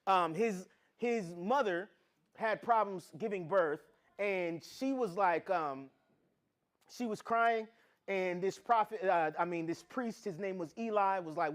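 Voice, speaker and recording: A man's voice: high-pitched, unhurried. A man teaching a casual Bible lesson, retelling the stories in slangy everyday talk and acting out the characters' lines.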